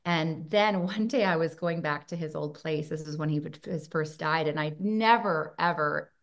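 A woman talking earnestly in an interview, telling personal stories with animated moments. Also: low-pitched, normal speed, creaky. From Canada. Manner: earnest storytelling, animated when recounting signs. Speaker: guest.

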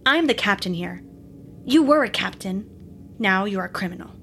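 A woman voicing a dutiful female robot pilot who talks in a flat, firm, by-the-rules way. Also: medium pitch, moderate pace, vocal fry, faint music behind.

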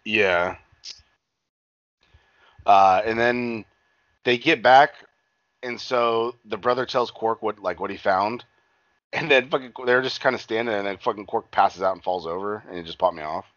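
A man's voice: on the low side, normal speed, pauses often, a bit bright, no echo. A young man casually recapping a TV episode, rambling, swearing a lot and acting out the characters' lines. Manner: rambling, swears a lot, acts out scenes in quotes. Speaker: podcast co-host recapping a TV episode. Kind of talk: casual chat. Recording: muffled dry recording.

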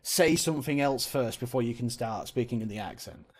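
A man hosting an interview, at a medium pitch. He asks loose, easygoing questions and mostly keeps to short nods of agreement. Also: brisk, slightly rough. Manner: brief acknowledgments, relaxed questions. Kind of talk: casual interview chat.

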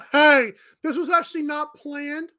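A woman's voice: sits high, fairly even intonation, slow pace, sharp tone. A woman hosting a morning show podcast, chatting casually with a guest and laughing often.

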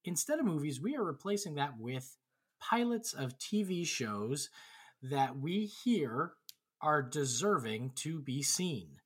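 A man's voice: a little high, big pitch swings, slow pace, slightly rough. A man hosting a casual group chat, rambling with lots of fillers. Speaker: podcast host.

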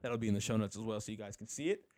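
A man's voice: fairly low pitch, racing, darkish tone, no echo, studio quality. A young man co-hosting a podcast, chatting in a laid-back, rambling way and laughing easily. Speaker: podcast co-host. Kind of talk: casual chat.

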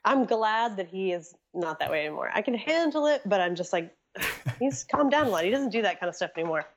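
A woman's voice: medium pitch, lively intonation, a little fast. A woman guest, a photographer's assistant, chatting casually with many "like" fillers. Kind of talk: casual interview chat.

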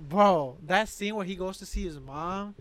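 A man's voice: high voice, moderate pace, fairly bright tone. A young man co-hosting a podcast in casual chat, slangy, telling stories with lots of "like". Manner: slangy storyteller, says "like" often. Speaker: podcast co-host.

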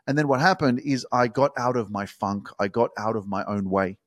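A man's voice: medium pitch, moderate pace, no echo. Man, podcast host, motivational monologue, intense, profane, dead dry sound. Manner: intense, swearing, builds to shouted hype.

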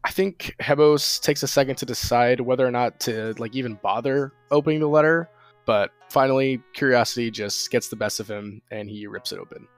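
A man's voice: mid-range voice, brisk, no room sound, soft background music. A man describing his character's actions in a tabletop role-playing game in a thoughtful, casual way. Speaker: player.

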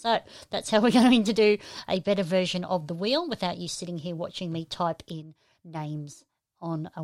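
A woman's voice: mid-range voice, no echo. An upbeat Australian woman hosting a live stream, chatting and greeting viewers one by one. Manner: upbeat, chatty, keeps saying how cool it is. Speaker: podcast host.

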